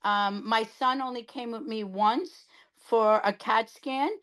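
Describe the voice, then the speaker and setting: An older woman spins a long story in relaxed podcast conversation. Her voice sits a bit high. She is chatty and animated, with a note of exasperation. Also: slow pace. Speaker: podcast co-host sharing her cancer treatment. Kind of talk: casual chat.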